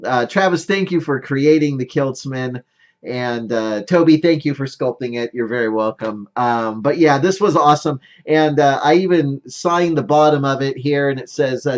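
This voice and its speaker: A man's voice: mid-range voice, normal speed. A middle-aged man casually talking through one of his sculptures, rambling with many fillers and self-deprecating humor. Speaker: sculptor showing his work. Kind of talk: casual show-and-tell vlog.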